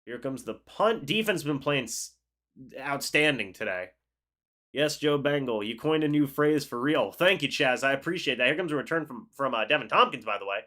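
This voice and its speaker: A young man hosting a live football reaction stream, calling the plays and chatting with viewers in an excitable, talkative way. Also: mid-range voice, moderate pace. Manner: excitable, chatty, reads chat aloud and calls plays. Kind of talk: live game reaction with play-by-play and chat replies.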